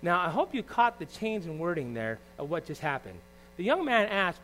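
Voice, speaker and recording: A man preaching a sermon to a church congregation, emphatic and conversational, asking rhetorical questions and swinging from loud rises to quiet asides. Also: fairly high pitch, wildly swooping pitch, a little fast, a little hiss or hum, rough recording. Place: church service.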